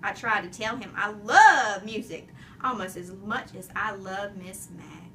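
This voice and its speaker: A woman narrating a children's chapter book in an expressive, animated storytelling way. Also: mid-range voice, measured pace, distant mic, a little hiss or hum. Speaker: audiobook reader.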